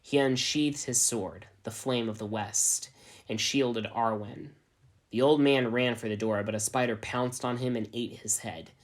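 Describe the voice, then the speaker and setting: Deadpan man reading a story aloud. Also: medium pitch, unhurried. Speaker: narrator. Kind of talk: dramatic reading of fan fiction.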